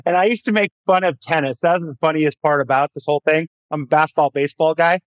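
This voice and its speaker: A man's voice: a little high, fast talker, dry recording, highs cut off. A man, a fitness guest on a podcast, chatting emphatically and telling stories with energy. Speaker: guest, fitness system founder. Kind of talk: casual podcast chat, storytelling.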